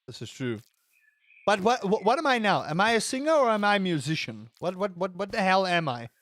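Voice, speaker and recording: High-voiced man chatting on a live stream. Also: sing-song, fairly quick, a bit bright, no room sound. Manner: rambling, self-mocking, reading chat aloud. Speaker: game streamer. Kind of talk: casual live-stream chat.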